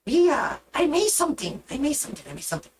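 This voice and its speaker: A tiny, volatile goblin girl in a piercing, very high voice. She talks in broken, clumsy grammar and swings straight from rage to eager affection. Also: very animated, quick pace, gravelly, a little hiss or hum, exaggerated voice. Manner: shrill shouting, broken grammar. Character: hot-tempered little goblin girl, excitable, broken speech.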